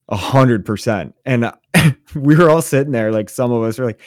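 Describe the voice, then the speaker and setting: A man co-hosting a casual sports podcast, telling animated, profane stories and venting with gusto. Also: mid-range voice, measured pace, dry recording, clean studio sound. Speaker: podcast co-host.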